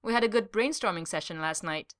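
A woman reading aloud and voicing a shy, modest young office worker who speaks gently with quiet glee. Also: mid-range voice, fairly quick, natural voice. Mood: smug, mild. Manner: gentle, modest, faintly gleeful. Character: smug mild young man, shy office mate.

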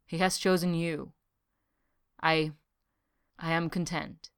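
A woman reading the part of a reserved young man in a storybook, speaking his lines quietly and hesitantly. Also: deep voice, level tone, slow pace, clear, resonant tone, dry recording, studio quality. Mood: resigned.

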